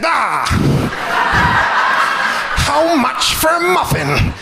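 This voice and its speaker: A man playing an outraged 18th-century American founding father, shouting indignantly. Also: very high voice, wildly swooping pitch, very slow, gravelly, over loud music, over a noisy crowd, pitched above the performer's own voice, heavily acted. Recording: echoey club hall with noise.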